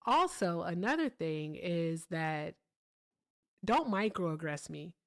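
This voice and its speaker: A woman hosting a live call-in debate, speaking in a pointed, measured way as she challenges callers. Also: lowish voice, expressive. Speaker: host of a call-in debate show.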